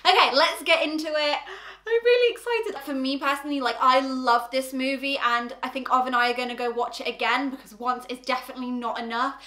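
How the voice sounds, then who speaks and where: Bubbly high-voiced woman vlogging. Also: bright, forceful tone. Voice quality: bubbly, chatty, full of "like" fillers. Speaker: YouTube host. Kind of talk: casual reaction chat to camera. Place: indoor home room. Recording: roomy echoey room.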